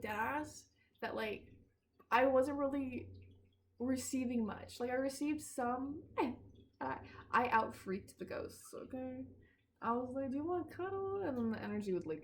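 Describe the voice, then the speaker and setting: A young woman talks casually to her phone camera in her backyard. Her voice sits fairly high, and she rambles, giggles and loses her thread often. A faint background noise sits under her voice. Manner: rambling, giggly, easily sidetracked. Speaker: vlogger. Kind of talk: casual chat. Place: outdoors in a backyard.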